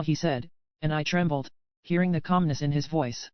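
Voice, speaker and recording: A man narrates a dark romance audiobook in the first person, in an even, unhurried way. His voice is smooth and a little high. The recording is dry and slightly dull. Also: no room sound.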